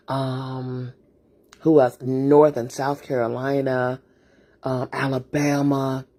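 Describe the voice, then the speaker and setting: A woman's voice: a bass voice, dark tone. A woman host telling a personal story in a casual, earnest way, often repeating her words. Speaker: host and therapist. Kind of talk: emotional storytelling monologue.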